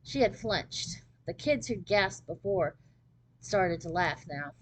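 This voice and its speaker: A woman's voice: on the low side, lively intonation, slow, rough recording. A woman reading a children's novel aloud, narrating steadily and expressively in the first person. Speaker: storybook reader.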